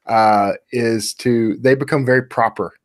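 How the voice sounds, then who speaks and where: A man, an author guest, explaining his writing methods in a relaxed casual chat with lots of fillers. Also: mid-range voice, a little slow, no room sound, studio quality.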